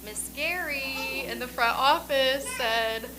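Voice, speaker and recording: A woman's voice: sits high, slow pace, bright, forceful tone, a little hiss or hum, rough recording. A woman school staff member honoring a student, reading quotes from colleagues and speaking to him in a proud, encouraging way. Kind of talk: ceremony speech reading staff tributes.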